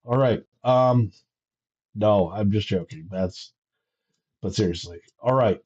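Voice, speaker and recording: Slow, husky-voiced man running a tabletop game. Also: on the low side, a little mellow. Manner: jokey, laughing, stumbles over words. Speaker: game master. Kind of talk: narrating a live-streamed tabletop game. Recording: dull lo-fi stream audio.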